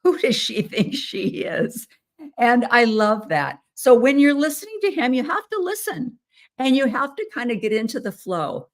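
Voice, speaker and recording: A woman's voice: a little high, big pitch swings, normal speed. A middle-aged American woman hosting a casual, rambling monologue with frequent ums and little laughs. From United States. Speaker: host.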